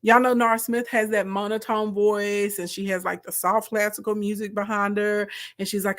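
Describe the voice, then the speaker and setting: A woman's voice: mid-range voice, fairly quick, hardly any pauses. A woman hosting a live stream, coaching viewers in a direct, emphatic, chatty way and answering their comments. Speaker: host, content coach.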